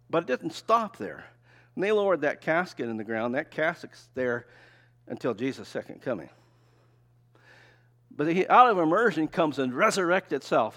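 A man's voice: on the high side, a bit bright. Older male preacher, folksy and conversational, keeps throwing rhetorical questions at the room. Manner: folksy, tells personal stories. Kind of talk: sermon with slides.

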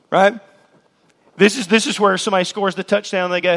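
A man preaching a sermon as pastor, emphatic, shouting key words and mimicking people's voices, in a church sanctuary. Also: sits high, lively intonation, fast talker, in a large hall.

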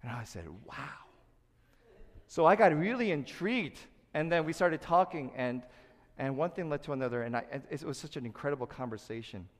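A middle-aged man preaching a sermon as pastor, who acts out quotes in loud high bursts and sinks to a soft low voice for serious points. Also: animated, fairly quick. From Korea. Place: church sanctuary. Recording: long hall reverb.

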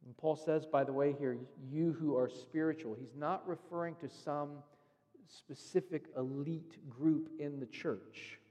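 A man's voice: fairly high pitch, steady tone, unhurried, warm tone, long reverb tail. A man preaching a sermon as pastor, earnestly explaining scripture step by step. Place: church sanctuary.

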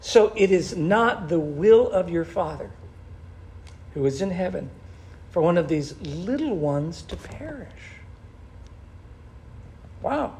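A man preaching a sermon in an animated, conversational way, with a gravelly voice. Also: on the high side, a little hiss or hum. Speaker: pastor.

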